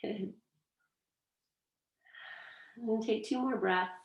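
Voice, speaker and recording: A woman teaching a yoga class, giving gentle, encouraging, relaxed cues as she demonstrates the poses. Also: a little high, slow, gravelly. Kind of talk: guided yoga class instruction. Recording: echoey room, mic far off.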